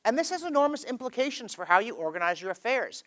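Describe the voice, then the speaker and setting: Animated Canadian man giving a public talk. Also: extremely high pitch, quick pace. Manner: animated, emphatic, with wry asides. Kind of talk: lecture to a live audience. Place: event hall.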